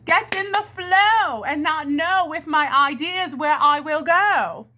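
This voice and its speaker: A woman talks into a karaoke mic with an echo, in a high, bright voice. She takes her time, drawing out a free-flowing comedy ramble. She plays it theatrical, working the crowd with "ladies and gentlemen.". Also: slow pace, a little hiss or hum. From Brooklyn, New York. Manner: theatrical, addresses the audience as "my friends" and "ladies and gentlemen". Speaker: comedy vlogger. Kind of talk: rambling stream-of-consciousness comedy monologue. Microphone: handheld karaoke microphone.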